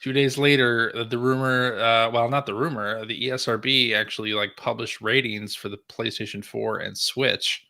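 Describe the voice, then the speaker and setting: A man co-hosting a podcast in casual chat, relaxed and laughing as he talks. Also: mid-range voice, normal speed, creaky, hardly any pauses. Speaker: podcast co-host.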